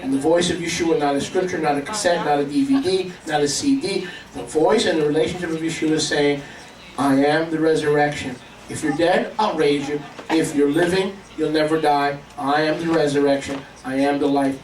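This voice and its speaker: A man's voice: fairly high pitch, fairly even intonation, normal speed, a little hiss or hum. A man preaching a sermon to a congregation, emphatic and calling for responses. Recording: echoey room, mic at a distance.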